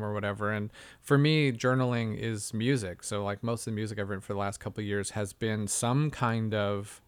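A man's voice: fairly low pitch, steady tone, a little fast, clean tone, dry recording. A young man chatting casually, joking and laughing, often slipping into put-on voices. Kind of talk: casual chat.

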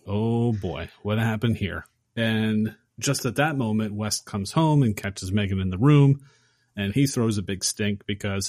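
A man casually recapping a horror film on a podcast, acting out the characters' lines with animated energy. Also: on the low side, measured pace, no echo, studio quality. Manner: animated storyteller acting out quotes. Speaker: podcast host.

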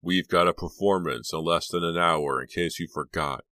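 A man's voice: low-pitched, fairly even intonation, normal speed, sharp tone, dry recording, clean studio sound. A man voicing a stern young male band leader who scolds his bandmates. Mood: scolding.

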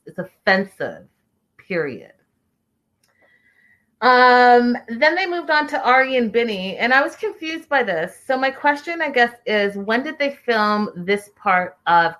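Woman, casual recap host, lower pitch, opinionated and chatty. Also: fairly bright tone. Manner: chatty and opinionated, reads viewer comments aloud.

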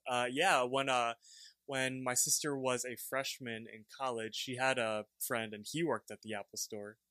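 A young man chatting on a podcast, telling a cartoon plot in a loose, rambling way and slipping into quick voices for the characters. His voice sits mid-range, and the sound is dry and close with no room behind it. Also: medium pitch, level tone, sharp tone, dry recording. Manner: rambling, acts out characters' lines while retelling. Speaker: podcast co-host. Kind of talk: casual chat recapping a cartoon episode.

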